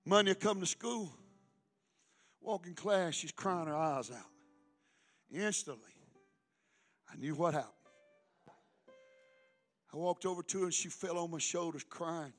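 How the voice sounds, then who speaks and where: A middle-aged man preaches with fervor, his voice pitched high. He drops from loud calls to near-whispered asides. Faint music plays beneath him. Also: a little slow, pauses often. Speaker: pastor. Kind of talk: sermon.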